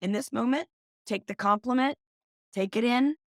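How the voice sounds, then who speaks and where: A middle-aged woman from Oklahoma, a business owner guest, chatting casually and telling lively stories. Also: a little high, moderate pace, no room sound, clean studio sound. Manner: lively storyteller, animated in quoted speech. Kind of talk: casual interview chat.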